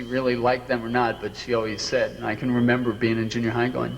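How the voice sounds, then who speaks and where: A man's voice: medium pitch, little pitch movement, quick pace, gravelly, hardly any pauses, far from the mic. Man reminiscing casually in a reverberant room. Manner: loose, rambling storytelling. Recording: room with long reverb and faint noise.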